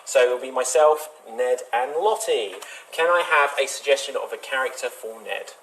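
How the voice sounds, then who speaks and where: A man hosting an online improv show, brisk and laughing often. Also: medium pitch, a bit bright. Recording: noisy video call audio.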